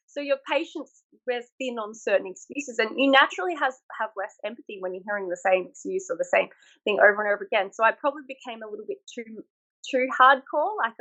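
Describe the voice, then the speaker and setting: An Australian woman in her thirties, a former military instructor, telling stories in a frank, animated way with frequent laughs, over a remote call. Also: a little high, highs cut off. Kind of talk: casual interview chat.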